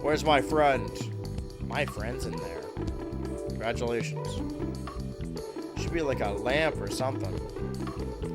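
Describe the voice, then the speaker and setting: A man streaming a video game, chatting casually in a rambling, jokey way that swings between loud outbursts and mutters. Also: mid-range voice, slow, creaky, long pauses, over loud music. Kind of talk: casual let's-play commentary.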